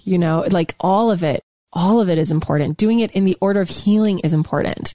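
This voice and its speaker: A woman's voice: lowish voice, fairly quick, warm tone, dry recording. A woman co-hosting a podcast in casual chat, emphatic and fond of repeating her key words. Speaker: podcast co-host.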